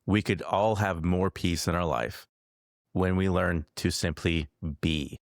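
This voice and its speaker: A man hosting a podcast, speaking in a calm, encouraging and reflective way. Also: low voice, unhurried, gravelly, no room sound, studio quality. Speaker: podcast host. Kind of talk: conversational podcast talk.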